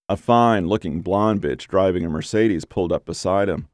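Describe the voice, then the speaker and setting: A man narrating gritty crime fiction as an audiobook in a steady storytelling manner. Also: sits low, moderate pace, hardly any pauses, no room sound, clean studio sound.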